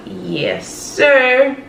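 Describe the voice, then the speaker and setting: A Jamaican woman hosts a reaction video, praising clips in a gushing, exclamatory way. Her voice is a touch high and her delivery is slow. She is recorded in an echoey room. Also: huge pitch swings, creaky, fairly bright tone, a little hiss or hum. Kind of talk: casual reaction commentary.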